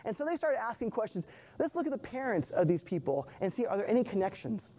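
High-voiced man preaching a sermon. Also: very animated, quick pace, warm tone. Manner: conversational, repeats phrases for emphasis. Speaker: pastor.

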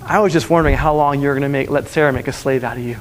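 A man voicing a loving old grandmother who speaks gently and wryly, in a sermon story. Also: medium pitch, rapid-fire, background noise, voice pushed down, close to an everyday voice. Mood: gentle wry.

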